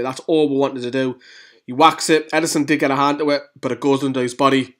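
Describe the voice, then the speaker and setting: A man hosting a fan channel, chatting excitedly through goal replays in casual football analysis. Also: mid-range voice, a little fast.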